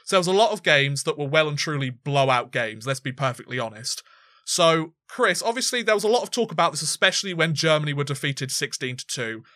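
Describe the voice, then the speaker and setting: A man's voice: a little high, lively intonation, fairly quick, bright, forceful tone, dry recording, clean studio sound. A man co-hosting a sports podcast, chatting casually and rambling, with frequent restarts and fillers. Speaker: podcast co-host.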